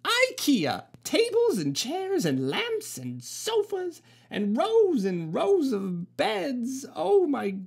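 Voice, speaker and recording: A woman's voice: sits high, wildly swooping pitch, slow pace, creaky, few pauses, darkish tone. A woman reading a children's storybook aloud in a playful, sarcastic way. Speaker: storybook reader. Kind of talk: storybook read-aloud with jokey asides.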